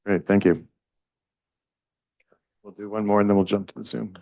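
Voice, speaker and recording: Deep-voiced man chairing a meeting. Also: level tone, vocal fry, dark tone, dry recording. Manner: brisk, matter-of-fact, wry. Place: town council chamber.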